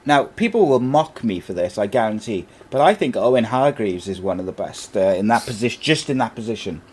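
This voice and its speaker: Chatty low-voiced man hosting football talk. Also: animated, brisk, slightly rough. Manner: chatty, reads out listener comments. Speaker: podcast host. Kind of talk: casual football chat.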